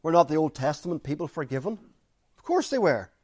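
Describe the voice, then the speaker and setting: A man preaching a sermon, repeating key phrases for emphasis and moving from loud stresses to quiet, intimate asides. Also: fairly high pitch, sing-song, brisk, slightly rough.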